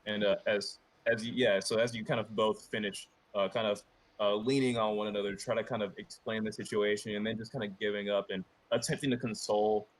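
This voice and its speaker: A man's voice: fairly low pitch, little pitch movement, brisk. A man running a tabletop game as game master, describing the scene hesitantly with many ums and kindas.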